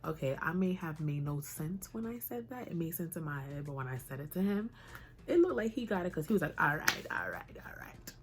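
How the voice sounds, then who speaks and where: A young woman vlogger telling a personal story in a casual, animated, chatty way. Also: fairly low pitch, a little fast, a little hiss or hum.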